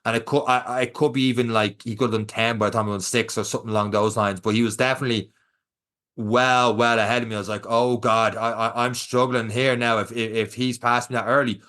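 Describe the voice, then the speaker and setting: A man's voice: medium pitch, fast talker. A young Irish man co-hosting a podcast, telling a race story in casual chat and acting out what people said. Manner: animated storyteller, acts out quotes. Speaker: podcast co-host.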